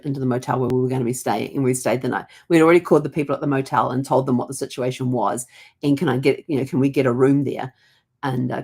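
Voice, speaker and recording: A woman's voice: a bass voice, a little mellow, slightly rough. A middle-aged woman, casually telling family stories and laughing now and then. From New Zealand. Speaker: genealogy vlogger. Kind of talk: casual storytelling.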